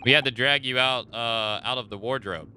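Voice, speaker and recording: A man's voice: mid-range voice, moderate pace, bright, forceful tone, slight background noise. A man putting on a stern middle-aged Russian ship officer with clipped, broken English while reading game dialogue aloud. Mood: accusing.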